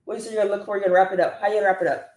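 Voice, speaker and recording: Speaking rapid-fire in a middle pitch, this online business coach addresses her live-stream audience in an upbeat, chatty, energetic way as she teaches. The room is echoey, and there's a little hiss or hum.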